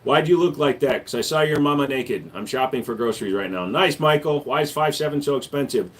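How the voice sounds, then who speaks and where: A man hosting a casual livestream, answering viewer questions with a relaxed, joking manner that gets louder when he hypes up the chat. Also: medium pitch, a little fast, slight background noise. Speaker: livestream host and gun store owner.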